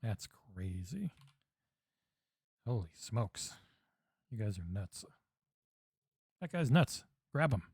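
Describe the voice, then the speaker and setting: A man streaming a game for charity on a headset mic, chatting excitedly with viewers and swearing freely. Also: on the low side, takes it slowly, long pauses, slightly rough, no echo. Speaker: charity livestream gamer. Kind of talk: casual game-stream commentary. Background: game music.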